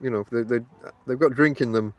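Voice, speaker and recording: A man's voice: medium pitch, fairly quick, no room sound. A man from Barnsley with a Northern English accent, hosting a casual rambling podcast monologue from a tent and talking straight to his listeners. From Barnsley, South Yorkshire, England. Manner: chatty, addresses listeners directly, many fillers. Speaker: podcast host. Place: inside a tent outdoors.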